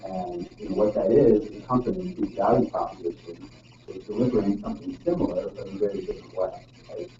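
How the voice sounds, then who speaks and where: A man's voice: deep voice, fast, dark tone. Man presenting in an echoey room. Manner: casual, full of ums and frequent "right?" tag questions. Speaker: presenter at a user group meeting. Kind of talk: technical presentation to a live audience. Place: meeting room. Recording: roomy, distant, dull sound with faint noise.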